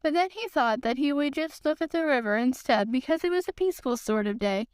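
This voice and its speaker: A woman hosting a podcast, reading a children's storybook aloud in a calm, measured way. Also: high voice, no echo. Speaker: podcast host, reader.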